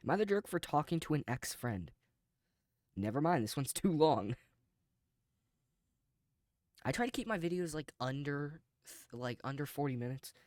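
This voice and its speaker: A man's voice: a little high, expressive, moderate pace, darkish tone, no echo, studio quality. A man hosting a casual reaction video, reading posts aloud and commenting off the cuff with chuckles.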